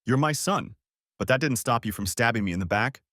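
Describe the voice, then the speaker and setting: A man voicing a bitter, angry middle-aged mother who scolds her grown son, slightly raised in pitch. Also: lively intonation, brisk, sharp tone, no echo, studio quality. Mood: angry scolding. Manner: scolding, indignant.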